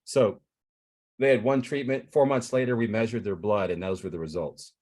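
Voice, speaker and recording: A man speaks earnestly over a video call, his voice sitting a little low for a man. He rambles through his explanation, stopping to restart his sentences as he goes. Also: steady tone, moderate pace, darkish tone. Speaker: therapy provider presenting on a video call.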